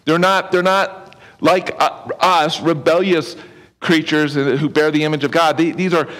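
A man's voice: fairly high pitch, fairly even intonation, unhurried, fairly bright tone. A man preaching a sermon in a conversational, earnest way, often restarting his phrases and adding asides. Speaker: pastor. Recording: long reverb of a hall.

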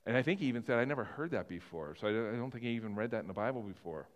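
A man's voice: medium pitch, animated, racing, long reverb tail. A man preaching a sermon as pastor, earnest and often repeating himself as he restarts his sentences.

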